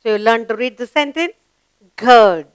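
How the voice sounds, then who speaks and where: A woman with an Indian English accent teaching a children's grammar lesson, asking questions, answering them herself and praising in a drawn-out, sing-song way. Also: a little high, animated, smooth, dry recording.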